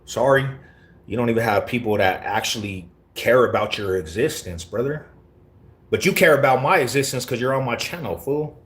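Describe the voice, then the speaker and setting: At normal speed and medium pitch, with a slightly bright tone, a livestreamer from Colorado works through his chat. His replies come in brash, confrontational street slang during casual live-stream talk.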